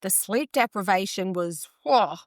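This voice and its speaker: A woman's voice: medium pitch, moderate pace, fairly bright tone, no echo, studio quality. An Australian woman in her thirties, speaking as a podcast guest in candid conversation, earnest and tumbling, often restarting her sentences. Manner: earnest, tumbling, self-correcting speech.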